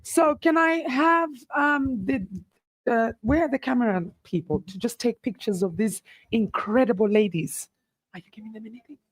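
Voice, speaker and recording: A woman's voice: fairly high pitch, a little slow, dry recording. A woman hosting a live youth event, playful and teasing as she rallies the crowd. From South Africa. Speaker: event host. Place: event venue.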